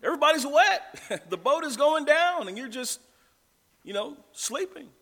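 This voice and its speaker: Lively high-voiced preacher in church. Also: male voice, normal speed. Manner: conversational, animated storytelling with chuckles. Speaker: pastor. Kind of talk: sermon. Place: church sanctuary. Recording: long church reverb.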